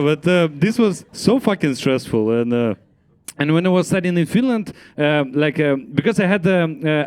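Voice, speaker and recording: Animated man telling stories with frequent laughter. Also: fairly high pitch, slight background noise. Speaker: comedian. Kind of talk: casual panel chat on stage.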